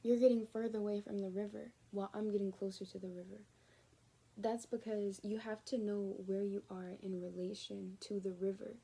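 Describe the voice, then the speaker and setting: A woman's voice: mid-range voice, level tone, normal speed, vocal fry, warm tone, husky. A woman giving a casual, rambling spiritual reading to her viewers, often dropping to a near-whisper. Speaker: spiritual card reader.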